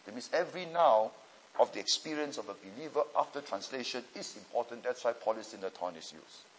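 A man teaching a class on Bible languages and preaching, emphatic and deliberate, often checking in with his listeners. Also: medium pitch, animated, a little hiss or hum, rough recording.

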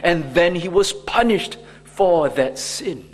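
Slow, emphatic male preacher. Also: high-pitched, animated, big-room sound. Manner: slow, emphatic preaching with dramatic quoted voices. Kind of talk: sermon.

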